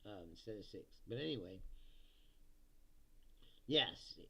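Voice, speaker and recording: A man's voice: fairly low pitch, lively intonation, takes it slowly, gravelly, a bit bright, slightly rough. A male comedian hosting a casual livestream, swearing, joking sarcastically and laughing often as he reads viewer comments. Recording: dull lo-fi stream audio.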